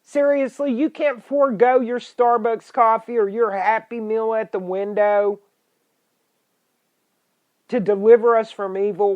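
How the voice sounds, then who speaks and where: A middle-aged woman, hosting a political podcast in an angry, scolding rant with sudden loud outbursts. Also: fairly high pitch, steady tone, unhurried. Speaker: podcast host. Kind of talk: ranting political podcast monologue. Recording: dull lo-fi internet radio stream.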